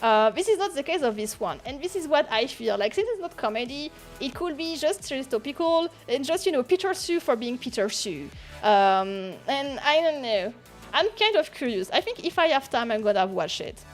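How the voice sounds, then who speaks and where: A young woman streams in easy, casual chat, her English that of a non-native speaker. Her voice sits high, and she breaks into giggles and restarts her sentences often. Faint music plays quietly behind her. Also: sing-song, moderate pace. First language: not English. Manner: giggly, chatty, frequent laughs and restarts.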